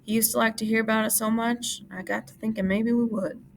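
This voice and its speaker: A woman voicing a weary, guarded ranch worker who speaks in low, clipped lines. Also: fairly even intonation, fairly quick, gravelly, a little hiss or hum.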